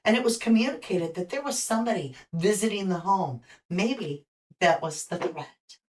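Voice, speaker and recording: A woman hosts a casual live tarot reading and chats openly with her audience as she lays out her theories. Her voice has a middling pitch and sits a little distant from the microphone. She keeps hiccuping through the session. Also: expressive, normal speed, slight background noise. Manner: chatty, warm toward viewers, speculative. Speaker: host and tarot reader.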